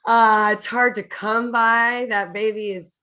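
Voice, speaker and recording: A woman's voice: a little high, steady tone, slow, bright, forceful tone. Enthusiastic woman hosting a talk show. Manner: enthusiastic, laughs often. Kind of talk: casual interview chat.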